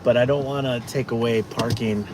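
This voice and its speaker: A man's voice: mid-range voice, steady tone, moderate pace. A man chatting casually to viewers on a live food vlog, rambling with asides to his dog, outdoors and in his car. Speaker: food vlogger. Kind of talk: casual live-stream chat. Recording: noisy outdoor traffic background.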